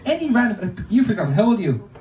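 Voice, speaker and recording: A man with a fairly high, very animated voice works through a stand-up set, telling loose, rambling stories with plenty of swearing. He sounds distant from the mic in a roomy space, with clear noise underneath. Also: very fast, highs cut off. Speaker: stand-up comedian. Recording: roomy, distant, noisy live recording.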